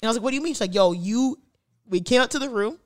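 Rapid-fire and expressive, a young woman speaks in a slightly high voice. As a podcast co-host she's casually narrating a story, laughing constantly and acting out each person's voice.

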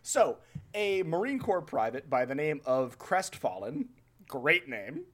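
A man casually telling a history story on a podcast, animated, swearing freely and laughing often. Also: on the high side, takes it slowly.

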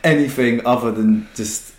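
A man's voice: mid-range voice, normal speed, reverberant. A man casually telling stories as a podcast guest, rambling and swearing freely. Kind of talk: casual storytelling.

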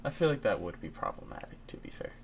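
A man's voice: low-pitched, huge pitch swings, fast, creaky, crowd noise. A young man co-hosting a casual pop-culture podcast, rambling loosely and swearing offhand. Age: young adult. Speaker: podcast co-host.

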